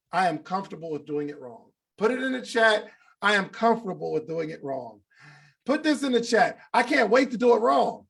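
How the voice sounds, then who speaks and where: A man teaching a live online class on podcasting, emphatic and repetitive, urging his students on and sometimes shouting. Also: high-pitched, gravelly, breathy edge. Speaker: podcasting coach.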